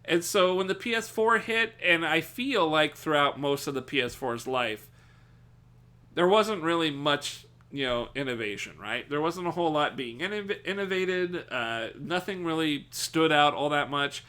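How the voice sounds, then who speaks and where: A male streamer talks loosely to his chat, swearing and laughing as he goes and breaking into yells when something sets him off. His tone is very bright and his pitch swings widely, sitting a little high for a man. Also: moderate pace. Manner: profane, excitable, laughs often, yells at chat. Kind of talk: casual live-stream chat.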